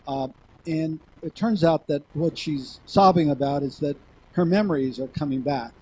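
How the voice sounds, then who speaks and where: A man giving a lecture, speaking in a slow, halting way with frequent pauses as he reads from notes. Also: fairly high pitch, mellow, slight background noise, poor audio. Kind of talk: lecture, reading a hypnosis transcript.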